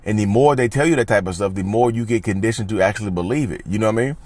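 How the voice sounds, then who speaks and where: A man's voice: lowish voice, very fast, darkish tone, no echo. A man, talking casually and emphatically to viewers from his car, repeating his points. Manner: emphatic, repetitive, talks straight to viewers. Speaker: channel host. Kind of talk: casual vlog talk. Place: inside a parked car. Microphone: phone camera.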